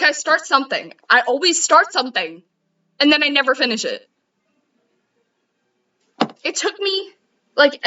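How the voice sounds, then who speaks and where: A woman's voice: high voice, pushed and bright, far from the mic, dull audio. A young woman streamer chatting casually, rambling and giggling at herself. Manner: giggly, rambling, self-mocking. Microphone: headset.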